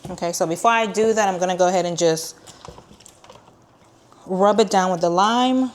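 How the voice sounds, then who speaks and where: Her pitch sits fairly low and she talks at a normal speed while hosting a casual cooking show. The cooking channel host rambles chattily, stumbles through lots of ums and restarts, and tosses out a few dry, sarcastic comments.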